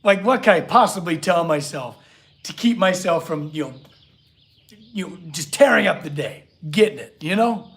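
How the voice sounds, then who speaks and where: A man's voice: high voice, lively intonation, normal speed, a bit bright. A man hosting a casual livestream from his workshop, earnest and emotional as he gushes and reacts to the chat. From California. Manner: earnest, emotional, gushing, reads chat aloud. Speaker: livestream host, blacksmith artist.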